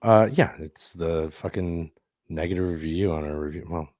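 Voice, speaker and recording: A man's voice: low-pitched, normal speed, darkish tone, dry recording, clean studio sound. A man co-hosting a podcast, rambling and swearing freely as he reads a listener review aloud. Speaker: podcast co-host. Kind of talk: casual podcast banter.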